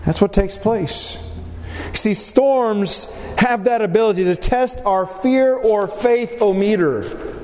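A man preaching a sermon, reading scripture and acting out the quotes with lively emphasis. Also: slow pace. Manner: animated, acts out scripture quotes with rising pitch. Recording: reverberant hall with faint ambient noise.

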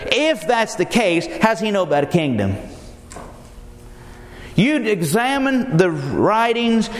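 High-voiced preacher in an echoey hall. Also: male voice. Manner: emphatic, rhetorical questions, addresses listeners as friends. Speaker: pastor. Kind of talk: sermon. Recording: echoey hall with long reverb.

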